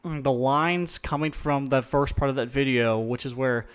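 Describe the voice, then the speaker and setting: A young man hosting a podcast, chatting casually and telling stories with quick asides. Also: mid-range voice, clean tone. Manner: animated storyteller, quick asides. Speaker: podcast host.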